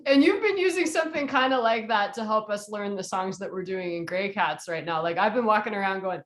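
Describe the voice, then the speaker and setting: A woman's voice: medium pitch, lively intonation, fairly quick. A woman hosting a casual interview, asking questions and laughing along with her guest. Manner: warm listener, laughs and backchannels.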